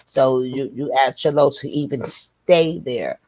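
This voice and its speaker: A woman's voice: extremely low pitch, measured pace, a little mellow. A woman interviewer in a casual chat, speaking in a sympathetic, encouraging way.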